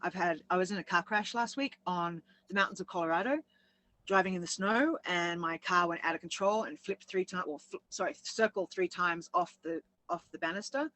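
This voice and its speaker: A woman's voice: lowish voice, fairly quick, fairly bright tone, poor audio. A woman co-hosting a casual chat, rambling and laughing as she tells her story. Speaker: co-host.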